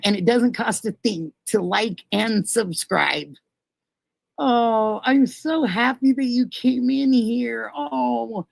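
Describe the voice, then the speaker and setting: Casting: middle-aged woman, streamer host, gravelly and unhurried, sentimental and chatty, dry close mic. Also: fairly high pitch, no echo, low-quality recording. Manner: gushing, emotional, thanks viewers by name. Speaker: livestream host. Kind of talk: casual livestream chat reading viewer comments.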